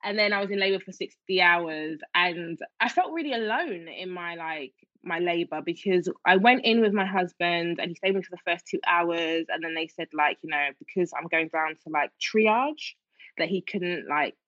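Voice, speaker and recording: A woman's voice: on the low side, moderate pace, hardly any pauses, fairly bright tone, no room sound. A woman telling a personal story as an interview guest, emotional, with many fillers and restarts. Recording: dull dry lo-fi sound.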